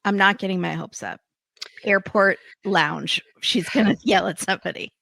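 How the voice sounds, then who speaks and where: Bright, gravelly-voiced woman podcast guest. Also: mid-range voice, normal speed, no echo. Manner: gossipy, wry, laughing through her recaps. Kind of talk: casual podcast chat recapping reality TV.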